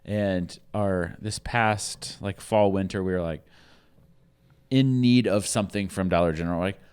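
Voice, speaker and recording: Low-voiced man telling a rambling story. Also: unhurried, darkish tone, smooth. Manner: rambling storyteller with many fillers. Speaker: podcast host. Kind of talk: casual chat.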